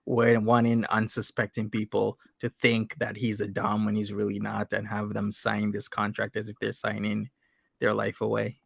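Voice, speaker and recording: A man's voice: lowish voice, monotone, moderate pace, creaky, fairly bright tone, slightly rough, no room sound. A man hosting a live commentary show, reacting bluntly and wryly to a played clip. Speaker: show host.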